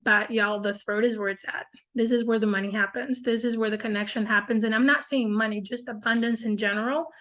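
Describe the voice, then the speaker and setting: A woman leads a casual group coaching call, upbeat and encouraging, often saying "like" and "y'all". Her voice sits fairly high. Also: steady tone, fairly quick, hardly any pauses, fairly bright tone.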